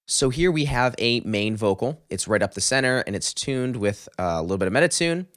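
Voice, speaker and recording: A man's voice: mid-range voice, lively intonation, brisk, fairly bright tone, no echo. A man teaching a music production tutorial, explaining his settings step by step in an upbeat, explanatory way on a close studio mic. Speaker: mixing engineer teaching a tutorial.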